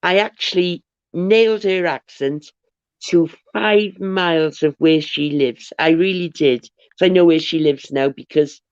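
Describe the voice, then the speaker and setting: A woman hosting a livestream chats casually, rambling through viewer comments she reads aloud and restarting often. Her voice is fairly low, a bit slow, smooth, and slightly dark, with no echo, and the audio is dull, dry, and lo-fi.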